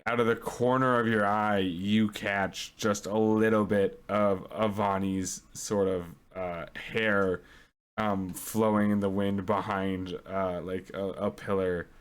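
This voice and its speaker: A man's voice: lowish voice, little pitch movement, slow pace, smooth. A man narrating a tabletop role-playing game as its game master, in a rambling, hesitant way.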